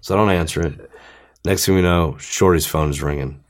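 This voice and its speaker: Very low-voiced man telling a story. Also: a little fast. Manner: rambling, acts out both sides of phone calls. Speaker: former client telling his story. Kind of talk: casual conversational storytelling.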